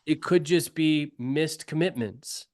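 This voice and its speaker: A man co-hosting a leadership podcast, speaking thoughtfully with frequent pauses and fillers. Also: on the high side, a little mellow. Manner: thoughtful, measured, many fillers. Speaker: podcast co-host, leadership coach. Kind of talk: casual conversation.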